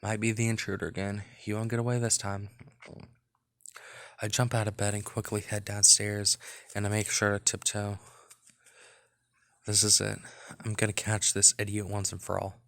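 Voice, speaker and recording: Low-voiced man reading a game aloud. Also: monotone, normal speed, vocal fry, pauses often, fairly bright tone. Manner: rambling casual asides. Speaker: let's play host. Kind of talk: reading a visual novel aloud with commentary.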